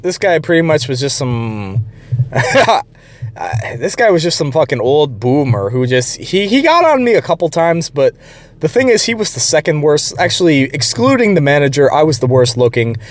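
Young male vlogger, slightly higher voice, casual profane rant, loose and rambling. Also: sing-song, moderate pace. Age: young adult. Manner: blunt, profane, rambling with restarts. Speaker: channel host.

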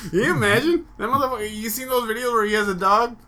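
A man co-hosting a comedy podcast, loud and profane, slipping into mock rants and silly voices. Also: very high-pitched, fast talker, a loud crowd. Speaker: podcast co-host. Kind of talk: crude comedic podcast banter.

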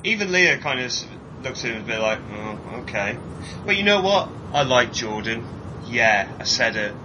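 A man co-hosting a podcast, animated and jokey, chatting about a TV episode and mimicking people in silly voices. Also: moderate pace. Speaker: podcast co-host. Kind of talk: casual chat reviewing a TV episode. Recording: muffled sound with clear vehicle rumble.

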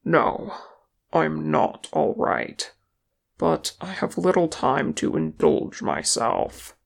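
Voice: medium pitch, big pitch swings, takes it slowly, creaky, full character voice. Thorin, a reader growling as an angry dwarf king. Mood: grim. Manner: growling, snarling. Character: furious grieving dwarf king, proud and stern.

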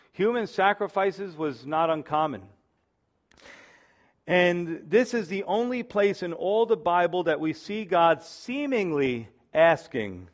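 Earnest man preaching, slightly higher voice. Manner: expository Bible teaching, emphatic and earnest. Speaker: pastor. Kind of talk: sermon.

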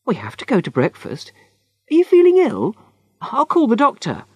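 A man voicing a young wife in a storybook reading, bright and fussy, with a pleading edge. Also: extremely high pitch, huge pitch swings, normal speed, slightly rough, dry recording, pitched above the performer's own voice, exaggerated voice. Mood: anxious. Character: anxious cheerful young wife, forgetful.

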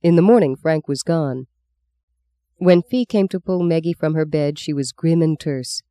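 A smooth, mellow voice narrating a novel with expressive pacing. The recording is close and dry, with no room sound. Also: mid-range voice, normal speed, no room sound. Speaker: audiobook narrator. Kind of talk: scripted literary narration.

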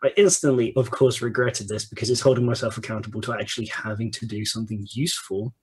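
A man's voice: mid-range voice, steady tone, quick pace, slightly rough, poor audio. A man who plays in a tabletop game, talking casually and a bit hesitantly, in a self-deprecating way. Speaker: player. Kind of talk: casual chat.

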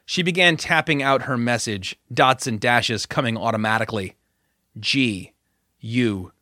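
A man reading an audiobook with a bright, forceful tone and measured, dramatic pacing. He is close-miked in a dry studio with no room sound. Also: medium pitch, animated, dry recording. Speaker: narrator. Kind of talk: audiobook narration.

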